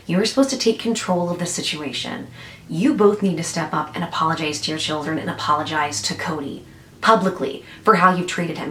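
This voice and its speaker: Woman vlogger, scornful reaction commentary, middle pitch, echoey room. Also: a little hiss or hum. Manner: blunt, scornful, sarcastic.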